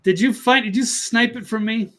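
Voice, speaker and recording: A man's voice: extremely high pitch, normal speed, a bit bright. A man co-hosting a casual podcast chat in an easygoing, laid-back way. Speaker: co-host.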